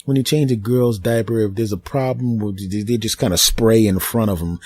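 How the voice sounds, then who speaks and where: A man's voice: on the low side, normal speed, darkish tone, no echo. A middle-aged man hosting a podcast, telling a rambling comic story with stammers and restarts. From US East Coast. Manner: rambling, stammering, with put-on voices in quotes. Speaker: podcast host. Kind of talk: comedic storytelling monologue.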